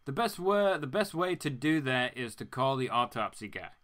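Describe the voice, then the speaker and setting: A man's voice: medium pitch, big pitch swings, moderate pace, a bit bright. A man reading as a guarded archer hero.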